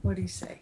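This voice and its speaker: A woman's voice: fairly low pitch, very noisy. A woman walking in on a recorded card game, asking curious questions and teasing from across the room. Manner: curious, talking softly, teasing. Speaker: family member walking in.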